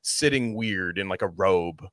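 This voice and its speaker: A man chatting on a podcast in a rambling, animated way, full of likes and restarts. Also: deep voice, a little slow, no room sound, studio quality. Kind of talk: casual podcast chat.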